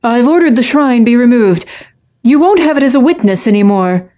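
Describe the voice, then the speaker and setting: A woman reading a scared young usurping princess in a story, haughty and threatening, her voice warbling high and scared. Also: animated, moderate pace, mellow, lightly acted. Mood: frightened threats. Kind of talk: audiobook role reading.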